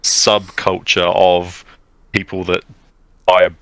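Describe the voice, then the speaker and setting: Male co-host, deep gravelly voice, rambling casual chat. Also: completely flat delivery, slow, a bit bright, no echo, rough recording. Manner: rambling, lots of fillers and restarts. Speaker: podcast co-host.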